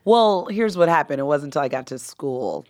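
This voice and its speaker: A woman's voice: low-pitched, animated, brisk, darkish tone, dry recording. A woman comedian from New Jersey, a podcast guest talking in a coy, wry, laid-back way. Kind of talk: casual chat.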